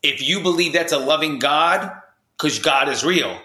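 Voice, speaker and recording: High-energy storytelling man, bright roomy sound. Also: measured pace. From New Jersey. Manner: high-energy storyteller, acts out quoted voices. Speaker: podcast guest. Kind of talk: personal storytelling in a podcast interview.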